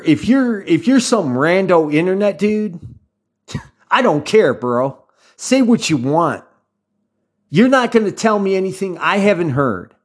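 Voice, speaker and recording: An American man in his fifties talking casually to his viewers, rambling off on tangents and restarting his sentences often. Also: high-pitched. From United States. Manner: rambling, tangent-prone, with frequent restarts and fillers. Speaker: channel host. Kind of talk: casual talk to camera.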